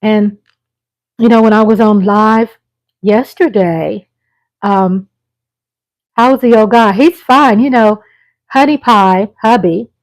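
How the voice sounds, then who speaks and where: Slow, rambling woman chatting on a live stream. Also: medium pitch, low-quality recording. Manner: rambling, unhurried chat with frequent pauses and restarts. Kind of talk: casual live-stream chat.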